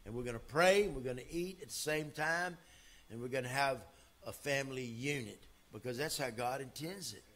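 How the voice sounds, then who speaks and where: A man preaching a sermon as pastor, folksy and emphatic, swinging from loud to quiet. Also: medium pitch, moderate pace.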